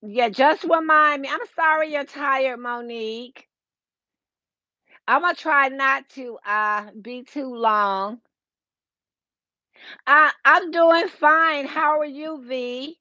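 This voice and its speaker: A woman's voice: high-pitched, slow, pushed and bright, no room sound, lo-fi sound. A woman, hosting a casual home decor livestream and chatting with viewers by name, recorded through a Bluetooth earpiece. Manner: chatty, greets viewers by name, laughs often.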